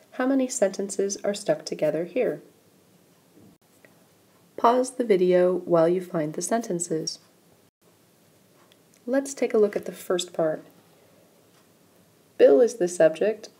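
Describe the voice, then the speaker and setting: Lady explaining sentences slowly and patiently, kinda low warm voice. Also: slightly rough. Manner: patient, step-by-step explaining while pointing at examples. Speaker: English writing teacher. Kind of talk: recorded grammar lesson.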